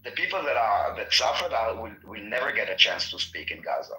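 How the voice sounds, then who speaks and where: Male podcast guest, earnest and halting, bright edgy tone, roomy echo. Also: lowish voice, very animated. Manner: earnest, halting with many restarts. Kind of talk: casual political discussion.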